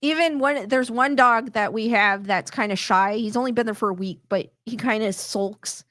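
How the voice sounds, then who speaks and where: A middle-aged woman hosts a casual live stream, rambling in a chatty way with lots of restarts. Her voice sits a little on the high side. The sound is close and dry, with almost no room echo. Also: normal speed, a bit bright. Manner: reads viewer comments aloud. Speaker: host reading chat comments.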